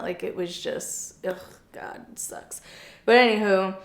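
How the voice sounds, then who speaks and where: Speaking at a normal pace with a fairly low, gravelly voice, this young podcast co-host shares personal stories candidly. She's chatty and open, retells things with animation, and fills her speech with "like," all in an echoey room.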